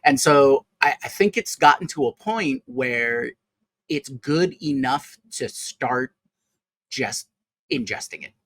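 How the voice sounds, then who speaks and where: A man co-hosts a relaxed talk show, working out his thoughts as he speaks, with fillers and restarts. His voice sits in a mid range. The sound is dry and close, with no room echo. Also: mid-range voice, slow pace. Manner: thinks aloud with many fillers and restarts. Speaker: co-host. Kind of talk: casual chat.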